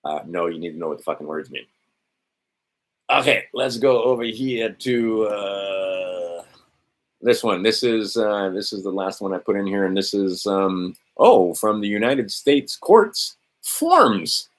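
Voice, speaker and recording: A middle-aged man with a low, deep voice talks into a desk mic, rambling through a document with sardonic asides. His delivery is loose and casual, broken by restarts and the odd curse. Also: expressive, unhurried. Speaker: host of a legal maxims stream. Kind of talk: casual screen-share talk.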